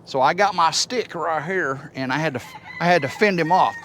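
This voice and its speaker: A man's voice: on the high side, normal speed, fairly bright tone, a little hiss or hum. A man giving a rambling, folksy walking tour of his wooded homestead and teasing his rooster along the way. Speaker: homestead vlogger. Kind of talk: casual walk-and-talk tour.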